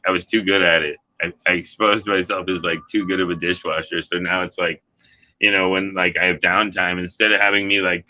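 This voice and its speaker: A man with a very deep voice that still cuts through with a sharp, forceful brightness. He chats casually, rambling with constant "you know" and "like" and plenty of swearing. He sounds like an everyday worker talking things over. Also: low-quality recording. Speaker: dishwasher. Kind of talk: casual chat.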